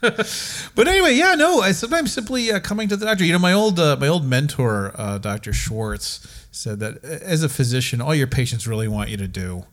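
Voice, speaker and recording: Male physician co-host, lively, expressive storyteller. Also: fairly high pitch, fairly quick. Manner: animated anecdotes with acted quotes, many restarts. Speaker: doctor and podcast host. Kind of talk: casual podcast chat, storytelling.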